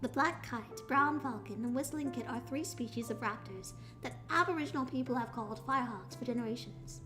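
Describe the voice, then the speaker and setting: A woman putting on a mock announcer voice to read out a fact card in a lower, deliberate tone. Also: over music, lightly acted. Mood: mock-formal.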